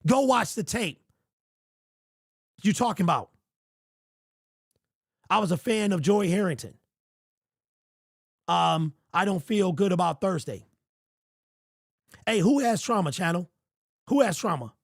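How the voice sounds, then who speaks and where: A man's voice: high-pitched, expressive, slow, creaky, long pauses, no echo, clean studio sound. A man hosting a livestream sports show, ranting in a heated, exasperated way and repeating himself, his voice sounding strained. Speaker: sports podcast host.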